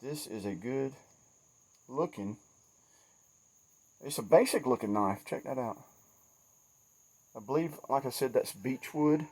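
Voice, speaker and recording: A middle-aged Southern man rambling in a folksy, good-humored way at a mid-range pitch, still sweaty and shaky after working outdoors. Crickets and insects chirp behind him in the woods. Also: animated, measured pace, long pauses, darkish tone, husky. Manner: folksy, chatty, self-deprecating. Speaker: outdoors vlogger. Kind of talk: casual outdoor vlog.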